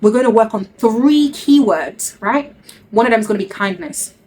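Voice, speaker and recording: A woman's voice: on the high side, expressive, normal speed, a little mellow. A woman, telling a heartfelt personal story to her viewers in an earnest way and repeating words for emphasis. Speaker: vlogger.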